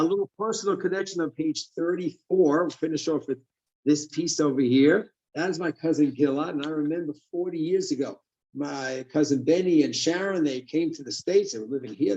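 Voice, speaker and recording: A man giving a sermon as a rabbi, lively and asking and answering his own questions. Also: a little high, highs cut off.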